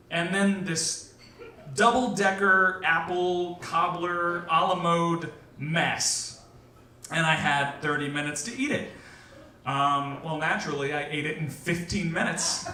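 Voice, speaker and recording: A young man tells a comic true story to a live crowd, his voice bright and ringing, with a fairly high pitch. He speaks with lots of ums and an animated delivery. The sound is roomy and echoey, as if picked up from a distance in a hall. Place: event hall with audience.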